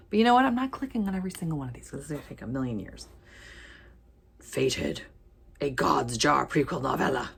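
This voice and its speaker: Chatty woman vlogger, low voice that swoops widely, reading titles with playful asides. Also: vocal fry, husky. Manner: chatty, animated, reads titles aloud with quick asides and laughs. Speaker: book vlogger. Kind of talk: casual chat while sorting ebooks.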